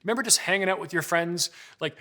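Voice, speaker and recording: A parenting speaker in his forties presents with slides, talking fast in a bright, forceful, fairly high voice. He tells conversational stories and acts out the dialogue within them.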